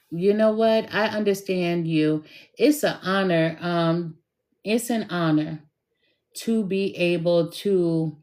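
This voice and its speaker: A woman's voice: on the low side, a little mellow. A middle-aged woman, a tarot reader, telling stories in a chatty way, full of fillers and retold dialogue. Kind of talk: casual storytelling monologue.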